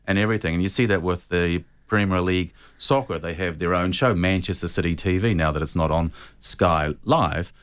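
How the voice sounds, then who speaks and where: A man, a voice coach giving measured, reflective answers in a radio interview. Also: low voice, fairly bright tone, clear, resonant tone, no room sound. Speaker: voice and presentation coach.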